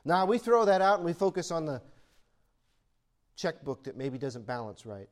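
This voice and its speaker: Man preaching a sermon, somewhat high voice. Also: sing-song, normal speed, long pauses. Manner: conversational preaching, rising to emphatic peaks. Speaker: pastor.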